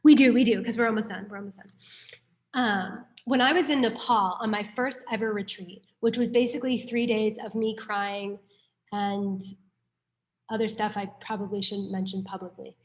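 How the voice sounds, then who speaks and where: A young New York City woman teaches a Buddhist class casually and chattily, telling animated stories and sprinkling "like" throughout. Her voice is medium-pitched and her pace moderate.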